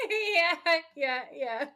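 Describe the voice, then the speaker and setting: A woman's voice: very high-pitched, expressive, very slow, pushed and bright. A woman co-hosting a podcast in casual chat, animatedly retelling scenes and acting out quotes, swearing freely. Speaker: podcast co-host.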